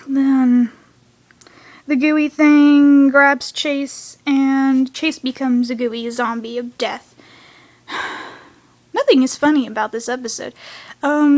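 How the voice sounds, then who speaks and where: Alone in her room at home, a teenage girl with a high, bright voice races through a recap of a cartoon episode she just watched, chatty and excitable as a fan reviewing it. Between the speedy summary she drops into hushed, whispered asides.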